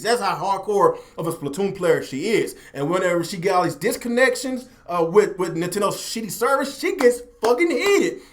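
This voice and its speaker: A man's voice: sits high, a bit bright. A young man hosting a gaming livestream, talking casually and repetitively while answering his chat. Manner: talkative, repeats himself, addresses chat directly.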